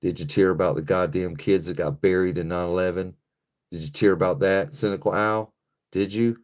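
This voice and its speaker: A man's voice: low-pitched, steady tone, fairly quick. An American man hosting a livestream, ranting angrily and profanely while reading chat. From United States. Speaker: livestream host. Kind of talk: live-stream rant reading chat.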